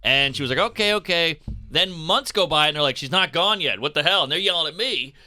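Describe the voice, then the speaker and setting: A man's voice: fairly high pitch, fast, a little hiss or hum. A man, a comedian guest on a talk radio show, telling stories casually and acting out the people in them. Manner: animated, acts out people in his stories. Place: radio studio. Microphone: close studio mic.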